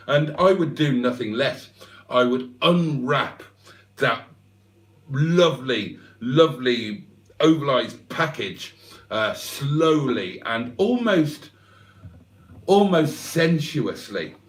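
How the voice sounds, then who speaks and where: A man spins a slow, meandering comic monologue for his livestream, dry and mock-serious. His pitch swoops up and down a lot as he talks. He sounds a little distant from the mic in an echoey room. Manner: deadpan, digressive, mock-serious. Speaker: livestream host.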